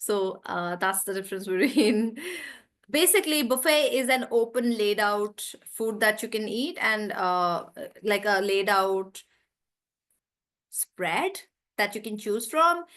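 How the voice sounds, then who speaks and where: A woman teaching pronunciation in an online class. She is upbeat, laughs often, and repeats words slowly to model the stress. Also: medium pitch, lively intonation, a bit bright.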